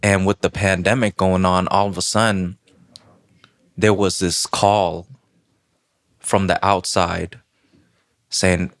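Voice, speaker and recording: A man in his twenties telling a personal story conversationally, in an animated, slangy, self-mocking way, recorded inside a prison. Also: deep voice, slow, long pauses, no echo, studio quality. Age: 20s. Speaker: storyteller guest.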